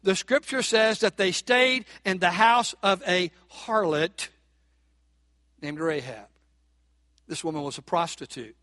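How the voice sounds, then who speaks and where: A man's voice: sits high, measured pace, pauses often, bright, forceful tone, no room sound, studio quality. A man preaching a Sunday sermon as pastor, speaking with rising emphasis and asking the congregation rhetorical questions.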